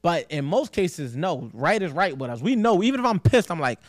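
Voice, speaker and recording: High-voiced man in animated podcast banter. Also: brisk, no echo, clean studio sound. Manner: animated, slangy, acts out quotes. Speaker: podcast host. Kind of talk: casual podcast chat.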